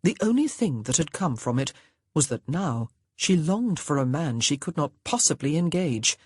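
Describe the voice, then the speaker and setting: Breathy, low woman narrating a romance. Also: big pitch swings, normal speed, no room sound. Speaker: audiobook narrator. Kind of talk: scripted narration.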